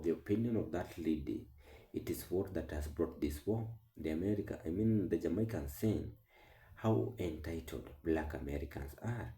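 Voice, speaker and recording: A man hosting a commentary channel, talking through online clips with halting speech, many fillers and restarts. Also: a bass voice, creaky, warm tone, roomy sound, low-quality recording.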